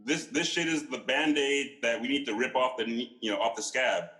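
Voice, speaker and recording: A man's voice: mid-range voice, brisk, pushed and bright, rough recording. A man talking casually as a podcast guest, rambling with lots of fillers, restarts and swearing. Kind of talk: casual conversation.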